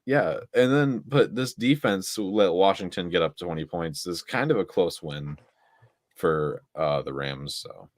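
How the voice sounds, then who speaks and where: A young man co-hosting a casual football talk show, rattling off stats and getting excited about big games. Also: low-pitched, a little slow, no echo. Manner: excitable, stat-heavy, laughs often. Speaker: co-host. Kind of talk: casual sports chat.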